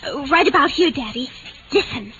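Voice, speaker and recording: A woman's voice: high voice, lively intonation, normal speed, sharp tone. An actress playing an eager young daughter in an old radio drama, urgently leading her father. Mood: insistent. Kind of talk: 1950s radio drama acting. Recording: dull old radio broadcast with faint hiss.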